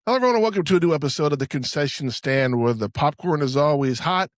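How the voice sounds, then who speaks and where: A man's voice: fairly high pitch, lively intonation, quick pace, faint music behind. A man hosting a podcast in casual, rambling banter, swearing freely and stumbling over restarts. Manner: rambling, profane, stammers on restarts. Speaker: podcast host.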